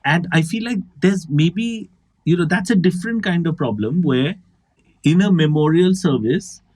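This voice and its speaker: A man's voice: fairly high pitch, moderate pace, a little hiss or hum. A man hosting a comedy podcast, telling long, rambling anecdotes in casual chat. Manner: animated, rambling anecdotal storytelling. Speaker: podcast host.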